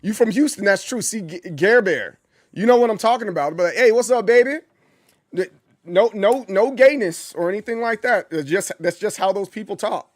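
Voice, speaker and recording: Animated man with a high voice. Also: moderate pace, no echo, clean studio sound. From Southern US. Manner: animated, stumbling restarts, acts out quoted voices. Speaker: streamer. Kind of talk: casual live-stream chat with chat.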